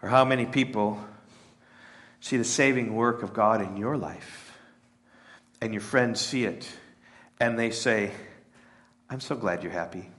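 A man preaching a sermon in a conversational way, often checking in with "right?" and voicing the crowd's lines in a higher, animated tone. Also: measured pace, long pauses. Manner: voices the crowd's lines in a raised, animated pitch. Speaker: pastor.

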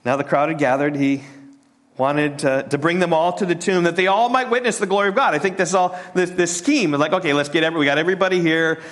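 A man preaching a sermon as a pastor, halting and repeating words, sinking to a soft hush on tender points. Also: fairly high pitch, steady tone.

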